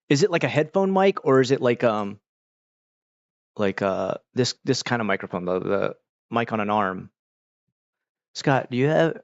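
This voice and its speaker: A man hosting a casual livestream, talking to chat in a relaxed, rambling way with many fillers. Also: mid-range voice, unhurried, long pauses, no room sound. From United States. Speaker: livestream host. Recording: dull, dry mic sound.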